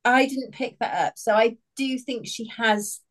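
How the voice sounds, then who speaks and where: A woman's voice: fairly high pitch, fairly even intonation, measured pace, crowd noise. A British woman co-hosting a podcast in casual chat, earnest and opinionated. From Britain. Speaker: podcast co-host.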